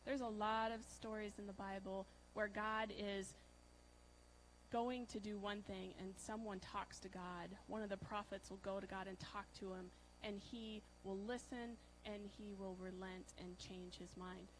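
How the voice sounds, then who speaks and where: A woman preaching a conversational sermon, asking her listeners questions and using many fillers. She swings between loud emphasis and soft, hushed lines. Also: medium pitch, steady tone, unhurried, a little hiss or hum, poor audio. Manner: chatty, asks the audience questions, many fillers.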